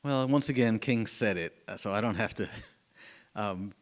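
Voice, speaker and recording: A middle-aged man speaks as an author before a live audience. His voice sits a little low, and he tells his stories earnestly and with animation, restarting his sentences as he goes. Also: normal speed. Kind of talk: live author talk, answering a moderator. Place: museum event room with audience.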